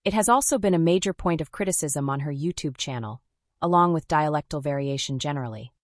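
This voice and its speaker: A woman with a low voice narrates a scripted commentary, measured and wry in delivery. The sound is close and dry, with no room around it. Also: expressive, no echo.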